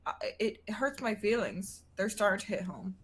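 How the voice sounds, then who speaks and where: A woman's voice: mid-range voice, animated, normal speed, slightly rough. A woman streamer chatting casually as a guest, teasing and sarcastic. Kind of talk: casual livestream chat.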